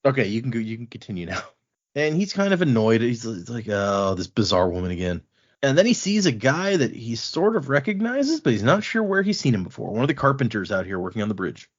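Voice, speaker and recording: A man talking casually on a podcast, his pitch bouncing up and down as he retells a story and slips into the characters' lines. The recording sounds a little dull and muffled, like modest home audio. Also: fast, slightly rough. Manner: animated retelling, quotes characters in a loose conversational voice. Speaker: podcast host recapping a book. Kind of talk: casual chat.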